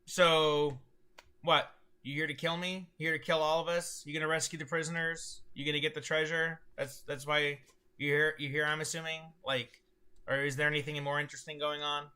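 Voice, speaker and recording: A man's voice: fairly high pitch, flat delivery, a little fast, bright, forceful tone, smooth. Smug rambling devil guard, as a man puts him on. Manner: drawling, chatty, rambling. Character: low-ranking male devil guard, smug and bargaining. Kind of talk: tabletop game role-play.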